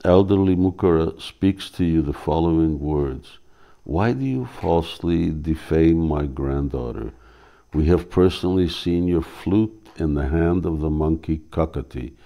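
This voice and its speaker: A man's voice: very deep voice, measured pace, dark tone. An indignant young messenger girl, read by a man. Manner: indignant, scolding. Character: angry young woman messenger.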